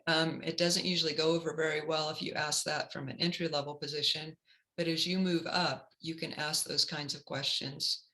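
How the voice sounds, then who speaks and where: A woman career counselor giving a webinar talk in a measured, instructive way. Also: low-pitched, level tone, sharp tone, rough recording.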